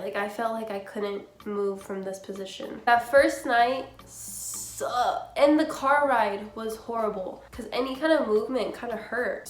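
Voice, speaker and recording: A woman's voice: mid-range voice, a little hiss or hum. Candid young woman vlogger, roomy echo. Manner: candid, exasperated, swears freely. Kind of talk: casual storytime chat.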